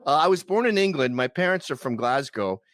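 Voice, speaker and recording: This middle-aged man with a Canadian accent tells stories casually as a podcast guest, animatedly playing out quoted people in loud, put-on voices. His voice is mid-range and brisk, with no room sound in the recording.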